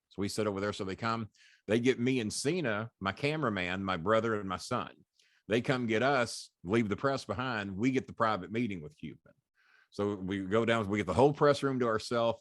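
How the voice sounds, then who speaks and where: A middle-aged man, guesting on an interview and telling animated, profane, boastful anecdotes. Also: fairly low pitch, no room sound, clean studio sound. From Louisville, Kentucky. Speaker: guest, former wrestling manager. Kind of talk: casual storytelling interview.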